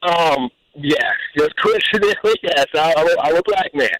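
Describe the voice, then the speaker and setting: A man calling in to a radio show, telling a personal story in an animated way, with repeated words and restarts. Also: a little high, normal speed, no echo, low-quality recording. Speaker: caller.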